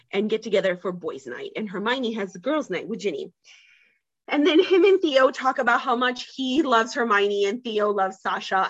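Gushing high-voiced woman podcast host. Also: fairly bright tone, dry recording, dull audio. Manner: gushing, enthusiastic, laughs while retelling. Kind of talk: casual chat retelling a story.

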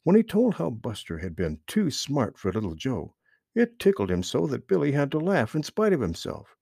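A man reading a children's storybook aloud in an expressive, animated way. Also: mid-range voice, normal speed, vocal fry, husky, dry recording, clean studio sound.

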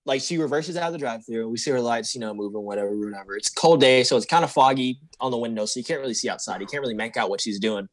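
A man's voice: medium pitch, very fast, hardly any pauses, no room sound. A young man co-hosting a podcast, telling a work story in casual chat and acting out the voices of the people in it. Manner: animated, acts out quoted voices. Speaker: podcast co-host.

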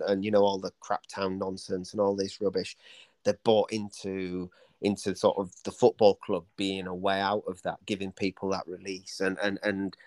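Male author guest, low register, dry close mic, rambling anecdotal storyteller who acts out quotes. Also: no echo. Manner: rambling storyteller with many restarts, acting out quoted voices. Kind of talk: casual podcast interview.

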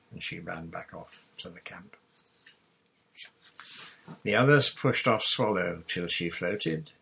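Gravelly, husky male storybook narrator. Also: deep voice, slow pace, long pauses. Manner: steady storytelling. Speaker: audiobook narrator. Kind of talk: scripted narration.

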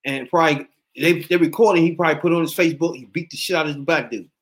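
A man hosting a casual podcast chat, animated, laughing often and acting out what people said. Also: fairly high pitch, quick pace. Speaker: podcast host.

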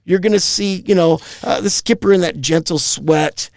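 A man co-hosting a comedy podcast, rambling through profane, animated storytelling. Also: fairly high pitch, normal speed, vocal fry, no room sound, studio quality. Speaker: podcast co-host. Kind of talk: crude comedy podcast chat.

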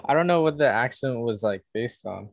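Deadpan man on a dry mic. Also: medium pitch, moderate pace, creaky, dry recording. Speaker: podcast co-host. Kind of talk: casual movie review chat.

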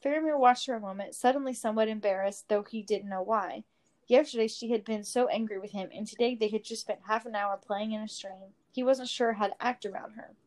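A woman reading a fantasy story aloud in a steady, expressive storytelling manner. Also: a little high, fairly quick. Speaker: story reader. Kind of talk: reading fan fiction aloud.

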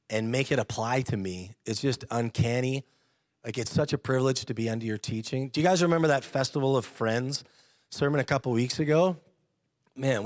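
A man's voice: mid-range voice, no room sound, clean studio sound. A man in his thirties sharing a personal testimony at church, earnest and chatty, laughing often and restarting his sentences. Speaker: church member giving testimony.

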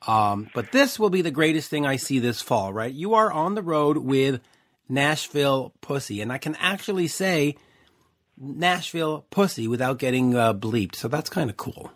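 A man's voice: mid-range voice, very animated, normal speed, hardly any pauses, fairly bright tone. A man hosting a rock interview show, chatting casually with many filler restarts. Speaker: podcast host.

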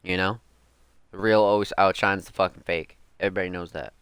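A man's voice: low-pitched, steady tone, brisk, fairly bright tone, clear, resonant tone, no room sound. A young man hosting a music podcast, ranting casually and heatedly, swearing a lot and filling his talk with "like" and "bro". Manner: profane, heated, slangy, lots of "like" and "bro". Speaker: podcast host. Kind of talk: casual rant.

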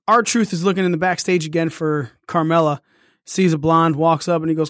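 A man hosting a casual wrestling recap. He swears often, acts out the lines he quotes and gets excited as he talks. His voice sits a little high and sounds close and dry, with no room echo. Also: a little fast. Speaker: wrestling podcast host.

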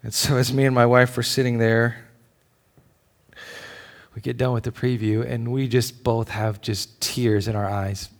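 A man, a father with children, preaching a sermon, telling a personal story with animated ups and downs and dropping to a near whisper at tender moments. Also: mid-range voice, a little slow. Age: adult with children. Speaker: pastor.

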